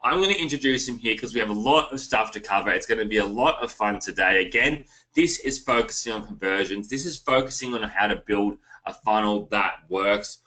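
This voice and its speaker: Bright-voiced Australian man hosting a webinar. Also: fairly low pitch, brisk, few pauses, poor audio. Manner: casual, addresses viewers as guys. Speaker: webinar host. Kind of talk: online marketing webinar.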